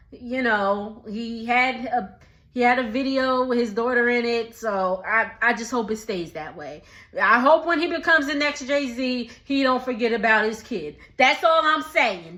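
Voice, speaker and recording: A woman, giving a sassy, animated casual recap and talking back to the people on screen. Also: on the high side, echoey room. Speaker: recap vlogger.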